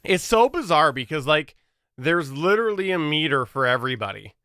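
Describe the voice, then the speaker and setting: A man with a bright, clean voice runs a live podcast, rambling through his audio problems in easy chat. The sound is dry and close. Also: on the high side, big pitch swings, a little fast, clear, resonant tone, no echo. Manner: rambling, troubleshooting aloud. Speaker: podcast host. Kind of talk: casual chat while sound-checking.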